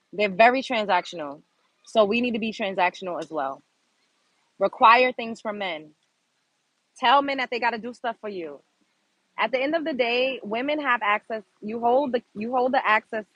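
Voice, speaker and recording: A show host from Brooklyn, New York rants at her live chat, blunt, profane, and unscripted. Her voice runs on the high side with a fairly bright tone, in a rough recording with no echo.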